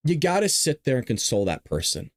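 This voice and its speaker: A man's voice: medium pitch, big pitch swings, fast talker, no room sound, clean studio sound. A man hosting a podcast, talking casually and emotionally, choked up and rambling. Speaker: podcast host. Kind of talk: casual commentary.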